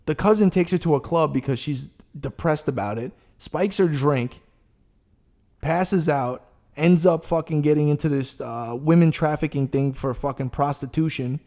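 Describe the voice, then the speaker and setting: A man hosting a podcast, chatting casually and telling a long story in a rambling, profane, animated way. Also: fairly high pitch, normal speed. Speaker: podcast host. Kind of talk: casual chat.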